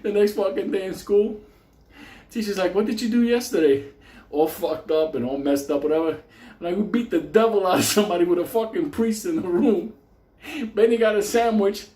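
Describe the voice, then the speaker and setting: A man telling a wild story in a loud, profane, laughing way, acting out the people he quotes. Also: high-pitched, normal speed, roomy sound.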